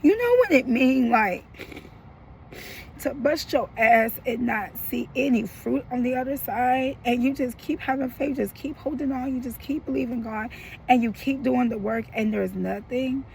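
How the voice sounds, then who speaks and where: A woman in her thirties speaks openly to her viewers, her voice sitting a little high and breaking into gravelly fry. Her delivery is emotional and frank, peppered with slang and an undertone of frustration. A faint hum of passing vehicles sits in the background. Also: moderate pace, a little mellow, rough recording. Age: 30s. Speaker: vlogger. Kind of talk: candid personal vlog.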